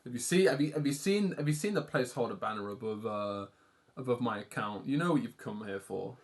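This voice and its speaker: A young Englishman rambles through a casual drawing livestream, self-deprecating and dropping the odd swear word. His voice sits at an ordinary middle pitch, and his English accent comes through plainly. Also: lively intonation, fairly quick. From England. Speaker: art streamer.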